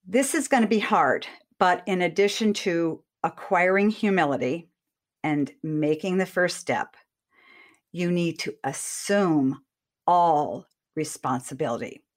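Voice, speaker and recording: Woman, somewhat low voice, earnest coaching tone, speaks straight to the listener. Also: measured pace. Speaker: parenting advice speaker. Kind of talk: direct-to-listener advice talk.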